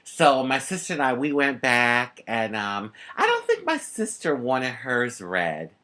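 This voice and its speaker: Lively middle-aged woman telling a story. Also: rumbling low, unhurried. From United States. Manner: animated, laughs often, acts out the people in the story. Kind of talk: casual storytelling.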